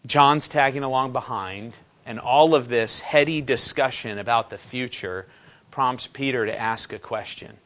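A man preaching to his congregation in a conversational way. His voice sits at an ordinary middle pitch, and he keeps posing questions to his listeners before answering them himself. He slips into casual paraphrase to make his point. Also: unhurried, a bit bright. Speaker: pastor. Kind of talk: sermon.

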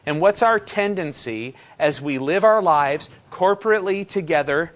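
A man's voice: fairly high pitch, lively intonation, moderate pace. A pastor preaching a sermon, asking his congregation questions and putting scripture into everyday language. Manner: conversational preaching with paraphrased asides.

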